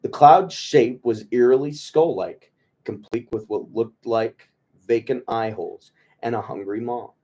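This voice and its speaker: A man reading a novel aloud to his book club in a relaxed way, stumbling over words, rereading lines and tossing in joking asides. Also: mid-range voice, a little slow. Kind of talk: casual read-aloud of a novel.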